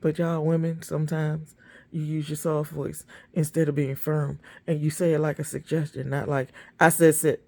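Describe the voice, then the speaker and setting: A woman's voice: low voice, flat delivery, normal speed, gravelly, warm tone. A woman vlogging casual dog-training advice to her phone in a blunt, emphatic, plainspoken way. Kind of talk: casual talk to camera.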